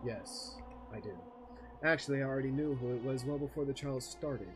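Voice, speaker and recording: A man voicing a calm, confident young detective who explains things step by step while reading a visual novel aloud. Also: soft background music, close to an everyday voice. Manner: measured, low, explaining step by step.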